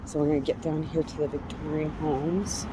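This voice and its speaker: A woman's voice: low-pitched, level tone, normal speed. A woman from Colorado, chatting casually in a walking vlog outdoors on a residential street, laughing often and cursing now and then. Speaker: vlogger. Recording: faint street noise outdoors. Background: passing traffic.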